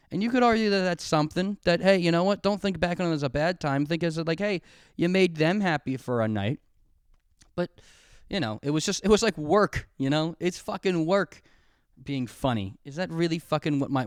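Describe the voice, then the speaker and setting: A man's voice: on the high side, clear, resonant tone, dry recording, studio quality. Profane young man ranting alone. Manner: profane, rambling, self-mocking, acts out quoted voices. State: drinking alcohol. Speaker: podcast host. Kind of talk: solo comedic rant. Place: alone at home, filming himself. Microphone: camera pointed at his face.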